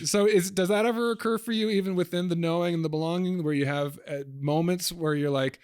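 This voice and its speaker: A man's voice: sits high, fairly even intonation, fairly quick, a little mellow, smooth, no echo, clean studio sound. A middle-aged man hosting a podcast, talking in a reflective, earnest way with frequent restarts. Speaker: podcast host and therapist. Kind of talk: casual conversation.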